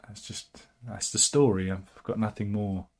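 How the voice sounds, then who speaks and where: A man's voice: lowish voice, steady tone, unhurried, darkish tone. Sardonic British man rambling through news. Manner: sardonic, rambling, chuckling asides. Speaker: host of a satirical news channel. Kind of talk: casual satirical news commentary.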